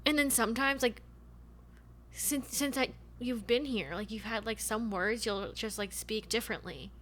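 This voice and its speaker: A woman co-hosting a podcast in casual chat, talking quickly to get her words out. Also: fairly high pitch, a bit bright, slight background noise. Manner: talks fast, rushes to get words out. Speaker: podcast co-host.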